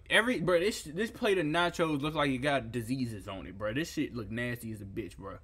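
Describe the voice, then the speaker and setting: A young man reviewing food photos in a comedic reaction rant, incredulous and profane, breaking into loud outbursts. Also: mid-range voice, fairly quick, few pauses, breathy edge.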